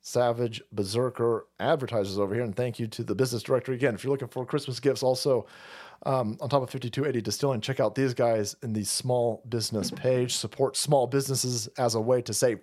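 A man's voice: mid-range voice, steady tone, quick pace, darkish tone. A man hosting a livestream, giving crude, mocking commentary on a video and laughing often. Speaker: livestream host.

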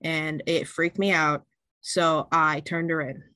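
A woman's voice: low-pitched, steady tone, slow pace, sharp tone, no echo, voice pushed down, heavily acted. Sullen cowardly informant man voiced by a woman, grudging, dry close sound, tabletop game.

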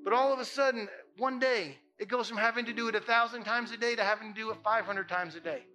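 A man preaching a Sunday sermon in a high, bright voice that rings with conviction. He builds his points through emphatic repetition and rises to impassioned peaks. Soft music plays faintly behind him. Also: fast. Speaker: pastor.

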